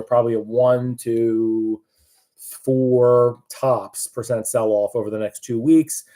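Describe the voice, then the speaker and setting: A man's voice: mid-range voice, mellow. A man giving casual live market commentary, chatty and loose, with many fillers and restarts.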